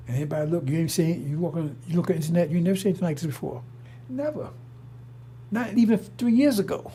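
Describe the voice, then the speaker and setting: A man's voice: fairly high pitch, warm tone, slight background noise. A middle-aged man giving a casual preaching monologue as a religious commentator, rambling and repetitive, blunt and profane.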